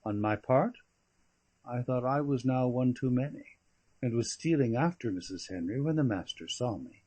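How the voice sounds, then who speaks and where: A man narrating an audiobook of a classic novel in a measured, expressive storytelling manner. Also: medium pitch, no echo.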